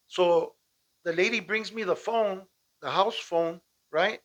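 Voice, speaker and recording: A man from Southern California telling a personal story in a casual, animated way, often asking "right?" and acting out shouted lines. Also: sits high, slow pace. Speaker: storyteller recounting a personal escape. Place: at home with dogs nearby.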